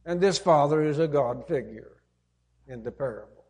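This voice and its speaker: Brief: a preacher with a fairly high voice, earnest and emphatic, retelling a parable in a sermon. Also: male voice, normal speed, darkish tone.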